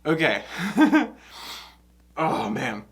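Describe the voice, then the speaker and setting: A man hosting a music reaction video, switching between soft, reflective talk and loud, laughing outbursts and poking fun at himself. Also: fairly high pitch, extremely slow, gravelly. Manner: excitable, self-mocking, laughs often. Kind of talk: casual reaction commentary.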